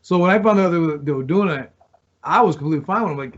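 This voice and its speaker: Man, fairly high voice, casual storytelling, rambling with restarts, muffled lo-fi audio. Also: expressive, quick pace. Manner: rambling, restarts often, acts out quoted lines. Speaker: former pro wrestler, guest. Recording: dull lo-fi podcast audio.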